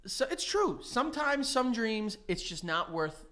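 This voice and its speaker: A man's voice: high voice, measured pace. A man co-hosting a podcast, rambling through stories with lots of fillers and laughing as he tells them. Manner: rambling, animated, heavy on "like" fillers. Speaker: podcast co-host. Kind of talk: casual chat.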